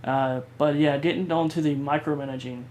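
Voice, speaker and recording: A man vlogger telling a personal story in a halting way, with many fillers and restarts. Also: on the high side, fairly even intonation, a little mellow, a little hiss or hum.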